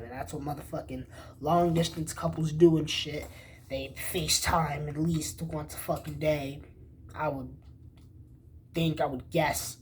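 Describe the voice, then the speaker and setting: A man's voice: a little high, unhurried, a little hiss or hum. A young man casually telling a story, swearing a lot and acting out both sides of the conversation. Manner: profane, animated retelling with quoted dialogue.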